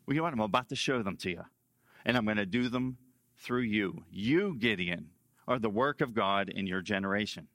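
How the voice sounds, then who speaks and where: A male pastor preaching a sermon emphatically, repeating key phrases and swinging between loud stresses and hushed lines. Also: on the low side, lively intonation, moderate pace, no echo.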